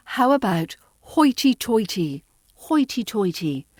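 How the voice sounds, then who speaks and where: An accent coach with a polished RP accent speaks slowly and clearly, pausing to savour each example word. Her delivery is crisp and gently playful. The recording is dry and close, with no room sound. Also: mid-range voice, animated, no room sound. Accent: Southern English (RP). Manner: crisp and lightly playful, drawing out example words. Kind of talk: scripted teaching podcast.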